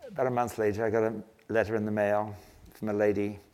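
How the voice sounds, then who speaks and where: An older man preaching a sermon, telling a story earnestly and slowing down to stress key phrases. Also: fairly low pitch, level tone, darkish tone. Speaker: pastor.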